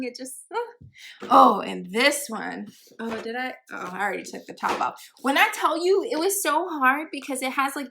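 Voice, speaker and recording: In a high, creaky, sharp-toned voice, a woman beauty vlogger rambles casually through a perfume haul. Giggles and fillers run throughout, and she gently mocks herself whenever she's unsure how to pronounce something.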